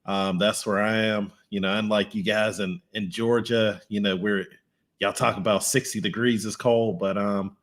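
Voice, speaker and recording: A man's voice: fairly low pitch, fairly even intonation, moderate pace. A man from the Pittsburgh area co-hosting a show, chatting casually and joking about himself over a video call. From Pittsburgh area, United States. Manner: joking, self-mocking, laid-back. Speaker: co-host.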